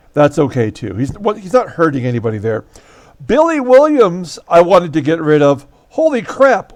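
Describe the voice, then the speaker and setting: A man hosting his channel, talking casually and wryly through his tabletop baseball replay, with many fillers and sudden jumps in pitch. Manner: chatty, wry, frequent fillers, animated pitch jumps. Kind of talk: casual solo commentary.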